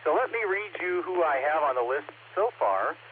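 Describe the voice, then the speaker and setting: A man's voice: on the high side, big pitch swings, normal speed. A man running check-ins on a ham radio net, easygoing and chatty as he reads out call signs. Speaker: pre-net control operator. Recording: narrowband radio transmission with faint hiss.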